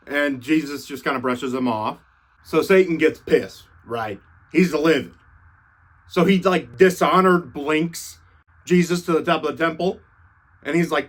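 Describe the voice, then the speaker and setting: A man's voice: fairly high pitch, unhurried, fairly bright tone. A young man irreverently retelling scripture as comedy, slangy and swearing casually. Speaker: comedic storyteller.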